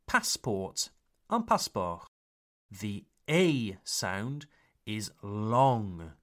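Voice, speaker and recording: A man from Wales teaching English in a podcast lesson, pronouncing example words slowly and carefully and switching into French to explain. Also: mid-range voice, fairly bright tone. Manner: slow, careful, exaggerated pronunciation of example words.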